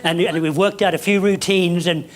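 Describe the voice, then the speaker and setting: An older man, telling a story to an audience in an animated, hammy way that climbs up to shouting. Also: high voice, moderate pace.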